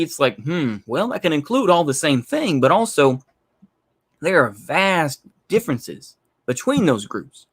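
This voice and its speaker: A man's voice: on the high side, very animated, normal speed, a bit bright, husky. A man commenting on a video he is playing, blunt, profane and sarcastic in casual asides. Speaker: reaction streamer.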